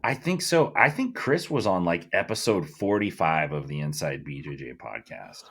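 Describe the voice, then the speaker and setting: A man's voice: sits low, expressive, moderate pace, fairly bright tone, breathy edge. Casual, profane male podcast co-host. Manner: loose and profane, lots of fillers. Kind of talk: casual chat.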